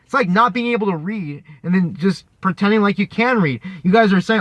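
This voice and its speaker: Talking fairly quickly with few pauses, a man with a high, animated, slightly bright voice rants angrily to camera. He curses, repeats himself and mocks whoever he's arguing with, and there's no echo on the recording.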